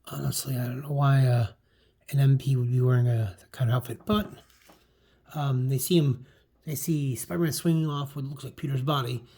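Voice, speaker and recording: A man's voice: mid-range voice, steady tone, normal speed, dark tone. A man casually talking through an old comic book, rambling with lots of fillers and restarts. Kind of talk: casual chat.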